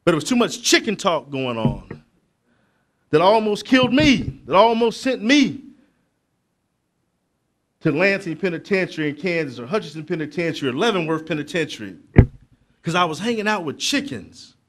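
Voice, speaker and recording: A middle-aged man, giving a motivational speech to young people at a conference, preacherly and building to loud emphatic peaks with asides to the crowd. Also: on the high side, sing-song, moderate pace, pauses often. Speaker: motivational speaker. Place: conference hall.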